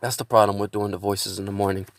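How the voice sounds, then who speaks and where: A man's voice: lowish voice, flat delivery, quick pace, creaky. A man hosting a casual solo audio show, making joking, offhand asides. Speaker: host.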